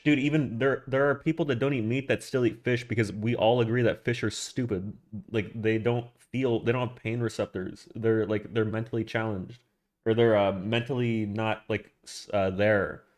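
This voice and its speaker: A man streaming live, chatting casually and rambling, swearing often and answering his chat. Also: medium pitch. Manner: rambling, profane, talking back to chat.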